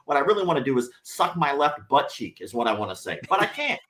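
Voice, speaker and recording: A man telling a story on a podcast in casual chat, animated and profane, acting out the people he quotes. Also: mid-range voice, fast, few pauses. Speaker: podcast guest.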